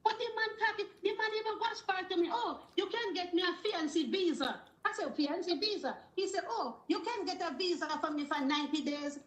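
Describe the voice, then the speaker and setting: A woman's voice: very high-pitched, a little fast, few pauses, reverberant, poor audio. A woman calls in and tells her story, acting out both sides of the conversation. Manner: animated storytelling with quoted dialogue. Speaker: caller. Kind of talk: call-in story.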